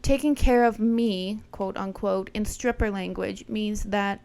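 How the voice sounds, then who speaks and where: A woman's voice: medium pitch, fairly even intonation, unhurried, creaky, a little mellow. A young adult woman, a podcast host, telling a wild story in a brash, profane, punchy way. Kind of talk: casual storytelling, retelling a wild night.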